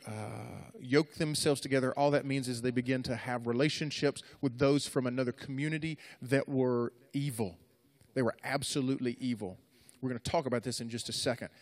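A man preaching a sermon to young people, swinging between dramatic, loud storytelling and casual, conversational asides full of fillers and restarts. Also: mid-range voice. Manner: animated dramatic storytelling, rising loud in retellings.

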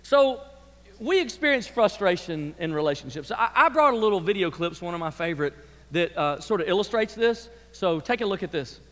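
A middle-aged male pastor delivers a sermon full of comic asides and quick impressions of people. His voice sits very high and light for a man. The sanctuary carries a long reverb behind every phrase. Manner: animated, mimics people, repeats words. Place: church sanctuary. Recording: large hall reverb.

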